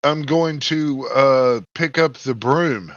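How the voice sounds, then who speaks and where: A man's voice: medium pitch, slow pace, fairly bright tone, no room sound. A man speaks at the gaming table in a loose, casual way, cursing freely and stopping to restart his sentences. The sound is dry with no room around it, and the mic is a little dull. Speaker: player. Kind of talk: casual tabletop game chat.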